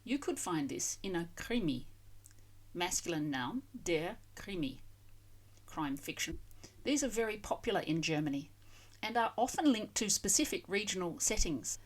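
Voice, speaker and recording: A woman's voice: on the low side, big pitch swings, normal speed. A woman hosting a language-learning channel, giving a scripted vocabulary lesson and carefully spelling out foreign words.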